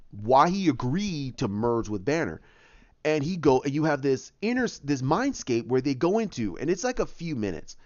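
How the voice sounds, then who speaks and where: Animated man recapping a film. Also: a little high, dry recording, muffled recording. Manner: animated, acts out scenes, many restarts. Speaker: podcast host.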